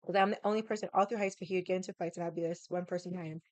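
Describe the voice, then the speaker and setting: A woman vlogger telling a story in a casual, animated way, swearing a lot and using lots of "like" fillers. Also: on the low side, racing, no room sound. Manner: animated, heated retelling.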